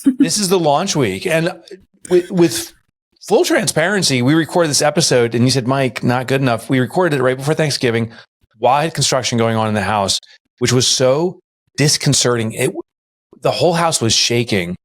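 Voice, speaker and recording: A man co-hosting a podcast, telling stories in casual chat and mimicking others in a high voice. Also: lively intonation, normal speed. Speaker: podcast co-host.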